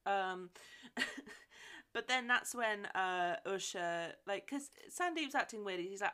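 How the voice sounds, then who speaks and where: Bright-voiced woman podcast co-host. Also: mid-range voice, slow pace, smooth. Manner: swears freely, laughs often while retelling. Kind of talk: casual chat recapping a film.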